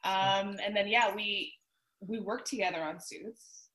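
A woman's voice: mid-range voice, steady tone, a little slow, fairly bright tone, poor audio. A woman filmmaker chatting casually as a podcast guest, talking readily with lots of fillers and easy laughter. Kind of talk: casual interview chat.

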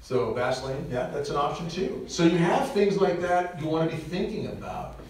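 A man's voice: fairly high pitch, big pitch swings, moderate pace, a little hiss or hum. A middle-aged man from Nebraska speaking casually to a parish audience, joking and chatty with lots of asides. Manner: conversational, joking, with frequent asides and chuckles. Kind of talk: casual talk to a church audience. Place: large church. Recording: echoey church from far off.

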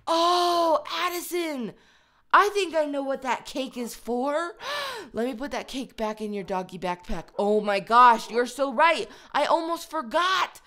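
A woman hosting a video game let's play, chatty and excitable, talking to her pets as she plays. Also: medium pitch.

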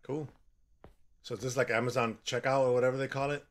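A man giving horror game commentary as a channel host, excitable and quick to yell when startled. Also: mid-range voice.

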